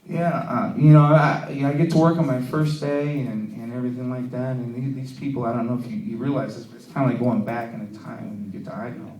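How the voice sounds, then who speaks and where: Rambling, profane stand-up comic in a roomy club. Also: male voice, mid-range voice, flat delivery, fast talker, hardly any pauses, darkish tone. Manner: rambling, profane, heavy with "you know". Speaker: stand-up comedian. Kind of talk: open mic stand-up. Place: comedy club stage. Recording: roomy club sound from a distant mic.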